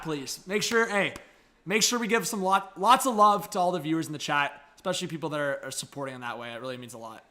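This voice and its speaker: A young man hosting a live hockey reaction stream, chatty and excitable, thanking viewers and coaxing his dog. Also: on the high side, quick pace. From Canada. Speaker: livestream host.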